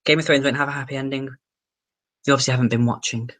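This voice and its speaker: A man's voice: mid-range voice, steady tone, fast talker, fairly bright tone. A man livestreaming, casually reading viewer comments and answering questions in an offhand, chatty way.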